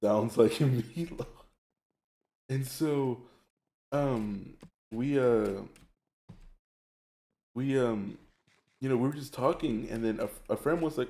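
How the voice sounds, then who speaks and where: A young man streaming a game, telling stories in a rambling, animated way and laughing often. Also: medium pitch, measured pace, pauses often, echoey room. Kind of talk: casual chat while gaming.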